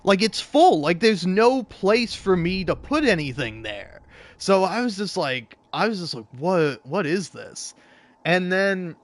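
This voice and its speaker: Young male gaming host, slightly high voice, stammering storyteller with a casual, profane ramble. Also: big pitch swings, measured pace. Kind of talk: storytelling while playing a game.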